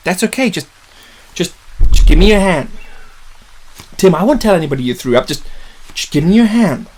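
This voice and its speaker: A man voicing a calm, protective paleontologist who gives reassuring instructions. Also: high voice, normal speed. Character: steady male paleontologist, protective. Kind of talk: comedic script reading.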